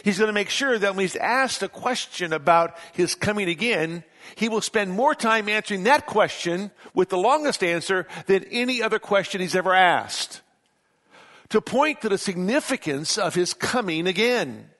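A man preaching a sermon as pastor, reading scripture aloud and stressing key words slowly. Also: high voice, animated, fairly bright tone.

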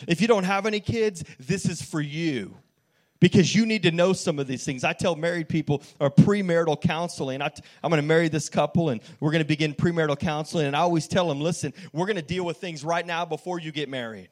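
A man preaching a sermon as pastor in church, telling a lively story with frequent restarts and calls to the congregation. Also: a little high, fast talker.

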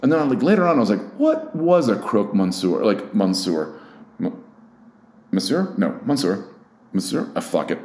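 With a low, slightly mellow voice marked by vocal fry, a young man runs a casual solo podcast full of rambling, self-deprecation, and frequent swearing. The room gives the recording a noticeable echo.

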